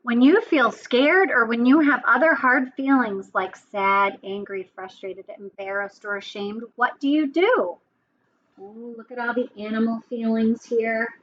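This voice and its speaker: A woman teacher giving a children's lesson, speaking gently and often checking in with a question. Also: a little high, animated, unhurried, dull audio. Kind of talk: children's lesson and storybook reading.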